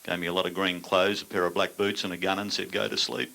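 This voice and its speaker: A man's voice: deep voice, level tone, quick pace, vocal fry, heavy background noise. An older man with an Australian accent, a stand-up comedian telling crude yarns with blunt, dry punchlines to a laughing audience.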